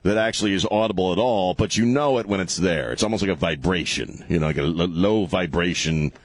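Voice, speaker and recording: Low-voiced middle-aged man chatting. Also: brisk, no echo. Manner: relaxed, self-deprecating, asks follow-up questions. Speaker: podcast host. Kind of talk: casual chat.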